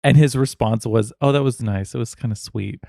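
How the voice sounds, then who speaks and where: A man's voice: medium pitch, a little fast, creaky, warm tone, no echo, clean studio sound. A tipsy man co-hosting a podcast, rambling loosely and joking in casual chat. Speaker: podcast co-host.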